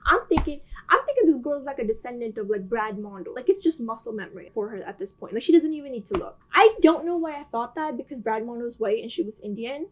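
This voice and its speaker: A young adult woman tells a casual storytime. Her voice sits a bit high. She talks in an animated, self-mocking way and leans on "like" as a filler. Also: quick pace, few pauses. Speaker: vlogger telling a story.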